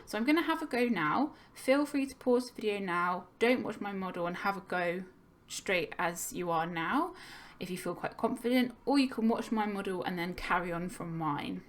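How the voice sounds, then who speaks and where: A woman's voice: medium pitch, moderate pace, hardly any pauses, noisy background. A young woman teacher talking through a poem for students in a recorded lesson, patient and explanatory, thinking aloud with the odd filler. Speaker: English teacher. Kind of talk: recorded lesson on poetry analysis.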